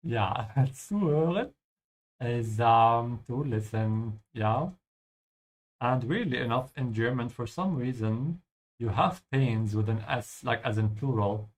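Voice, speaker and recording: A man teaching German while playing a game, explaining patiently and ending his points with "yeah?". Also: mid-range voice. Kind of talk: language lesson over gameplay.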